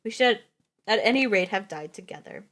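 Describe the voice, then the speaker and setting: A woman's voice: on the high side, lively intonation, a little fast, a bit bright. A woman reading the lines of a frightened young girl, in a pleading way.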